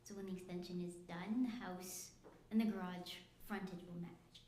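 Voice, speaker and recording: A woman's voice: lowish voice, steady tone, normal speed, mellow. Breathless young woman speaking to a committee. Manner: apologetic, hesitant, plain-spoken. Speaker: applicant addressing a committee. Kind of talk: informal explanation at a public meeting. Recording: echoey meeting room with faint noise.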